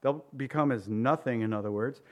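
A middle-aged pastor preaching a sermon in a conversational way, mixing humorous personal stories with scripture. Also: male voice, medium pitch, fairly quick, a little mellow.

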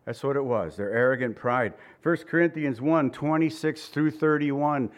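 A man's voice: mid-range voice, moderate pace. A man preaching a sermon to his congregation in an earnest, conversational way, emotional and close to tears, with bursts of laughter between points. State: tired and near tears. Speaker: pastor.

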